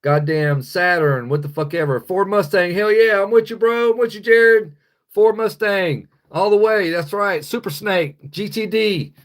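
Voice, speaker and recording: A man's voice: high-pitched, unhurried. An American man hosting a livestream, ranting angrily and profanely while reading chat. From United States. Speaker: livestream host. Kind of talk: live-stream rant reading chat.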